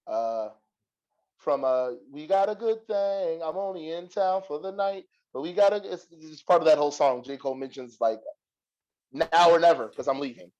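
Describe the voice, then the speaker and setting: A young adult man hosting a podcast and telling a long story in a profane, animated way, laughing often. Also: fairly high pitch, dull audio. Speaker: podcast host. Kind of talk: casual storytelling.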